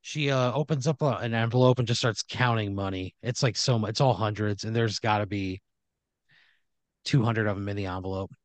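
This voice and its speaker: A man's voice: on the low side, brisk, no echo. Man, improv storyteller, casual, rambling, profane, dry recording. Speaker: storyteller running the game. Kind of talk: improvised comedic horror narration.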